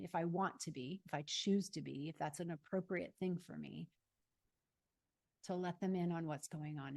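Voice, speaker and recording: Woman coach, fairly low voice, calm guided self-help delivery with slow pauses. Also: vocal fry.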